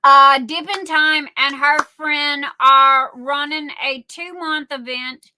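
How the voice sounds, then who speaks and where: A high-pitched woman with a Southern accent, talking slowly and brightly as she hosts a livestream. She rambles in a chatty way and calls her viewers darling. The sound is dry and close, with no room around it. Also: fairly even intonation, no room sound. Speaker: livestream host. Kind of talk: casual livestream chat.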